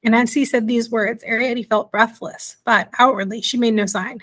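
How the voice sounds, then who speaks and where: A woman reading a children's storybook aloud in a measured way, now and then correcting herself. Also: on the high side, steady tone, a bit bright. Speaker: reader.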